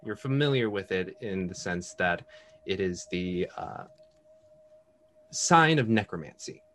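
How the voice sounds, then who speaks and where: A man running a tabletop game in a relaxed, chatty way, swearing casually. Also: sits low, a little slow, a little hiss or hum. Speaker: game master. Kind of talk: narrating a tabletop game, playing characters.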